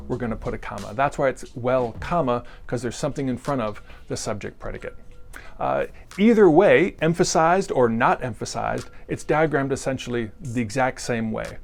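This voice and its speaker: A man giving a casual video grammar lesson. He is relaxed and rambling, and jokes with crude humor. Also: mid-range voice, a little fast, vocal fry, faint music behind. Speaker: grammar teacher.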